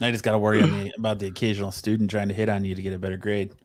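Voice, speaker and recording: Low-voiced, easygoing male podcast host. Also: little pitch movement, rapid-fire, a little mellow. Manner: easygoing, teasing. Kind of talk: casual podcast chat.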